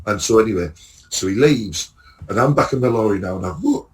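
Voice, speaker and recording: English bloke telling a lively road story. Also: male voice, on the low side, brisk. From England. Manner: animated storyteller, acts out quotes, swears. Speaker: podcast co-host, lorry driver. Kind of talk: casual anecdote among friends.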